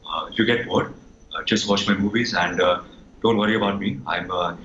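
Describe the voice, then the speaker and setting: A man impersonating a relaxed young male film star, speaking low and softly with many fillers. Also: a little fast, echoey room, muffled recording, slight background noise, close to an everyday voice. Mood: easygoing.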